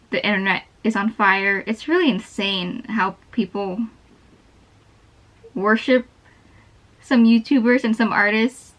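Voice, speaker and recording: A woman's voice: fairly high pitch, a bit bright. A young woman chatting casually while she draws, meandering and interrupting herself often. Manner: meandering, self-interrupting, giggly. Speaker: art channel host. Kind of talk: rambling chat over a drawing. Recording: dull lo-fi sound.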